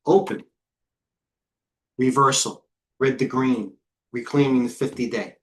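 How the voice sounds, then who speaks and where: A middle-aged man hosting live trading commentary, firing off clipped ticker call-outs and excitedly talking to himself as he trades. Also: mid-range voice, measured pace. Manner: talks to himself while trading. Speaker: head trader hosting a market livestream.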